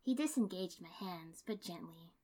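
A woman reading a first-person story aloud in an even, steady narration. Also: fairly low pitch, moderate pace. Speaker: reader.

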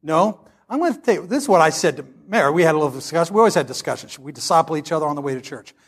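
A pastor delivering a sermon, reading scripture dramatically and preaching with passion. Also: male voice, on the high side, expressive, rapid-fire, husky.

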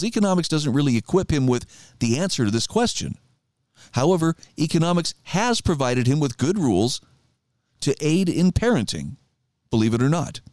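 A man's voice: medium pitch, no echo, studio quality. A middle-aged man hosting a talk radio show, reflecting conversationally and reading articles aloud with emphasis.

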